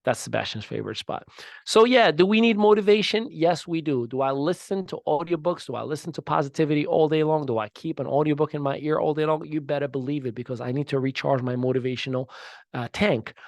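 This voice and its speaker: A man in his thirties hosting a podcast, giving an emphatic motivational talk that swings from loud to soft. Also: fairly high pitch, fast talker, vocal fry, dry recording. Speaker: podcast host.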